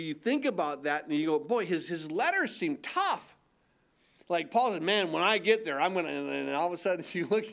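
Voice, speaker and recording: An older man delivers a sermon as a pastor in a conversational manner, stumbling, repeating words, and restarting, with occasional mock-incredulous voices for emphasis. His voice is on the high side.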